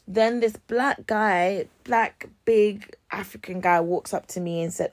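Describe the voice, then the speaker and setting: A woman's voice: mid-range voice, moderate pace, hardly any pauses. A woman vlogger telling stories in a casual, dramatic way, acting out her own reactions and swearing freely. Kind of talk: casual storytelling.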